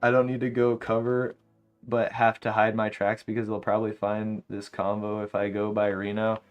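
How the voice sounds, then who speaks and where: A young man streaming a game late at night, chatting casually to his viewers and telling animated, slangy stories. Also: lowish voice, normal speed, muffled recording, faint music behind. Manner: animated storytelling, slangy, laughs often. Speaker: live streamer. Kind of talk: casual livestream chat while gaming.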